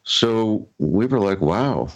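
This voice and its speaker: A man's voice: fairly low pitch, big pitch swings, takes it slowly. Rambling man telling a story. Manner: rambling, chuckling, with many fillers and restarts. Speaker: guest telling his story. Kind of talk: casual storytelling.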